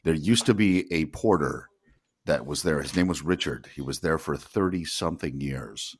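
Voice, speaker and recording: A man's voice: a bass voice, moderate pace, slightly rough. A man chatting as a guest commentator at a casual watch party, wry and opinionated, teasing the others.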